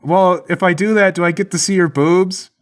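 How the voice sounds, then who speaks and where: A man's voice: sits high, fairly even intonation, normal speed, pitched above the performer's own voice, lightly acted. A man voicing a gullible, whiny male prison guard in a tabletop game. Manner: whiny, loud.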